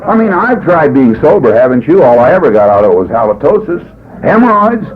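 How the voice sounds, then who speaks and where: A man's voice: fairly high pitch, sing-song, fairly quick. A man from California speaking at a recovery meeting, telling his story in a folksy, rambling way, often adding "boy" and "you know.". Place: meeting hall. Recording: tinny phone-like 1980s tape, faint hiss.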